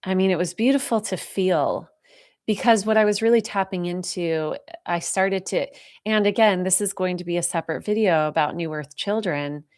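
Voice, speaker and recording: A woman giving a live spiritual talk, speaking softly and slowly with heartfelt pauses as she answers viewer questions, moved close to tears. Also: fairly low pitch. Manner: soft, heartfelt, slow and reflective with pauses.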